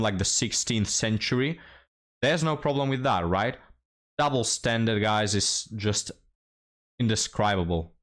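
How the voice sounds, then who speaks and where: A man's voice: on the low side, moderate pace, a bit bright. A man hosting a reaction commentary, blunt and mocking as he talks to his viewers. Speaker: commentary host.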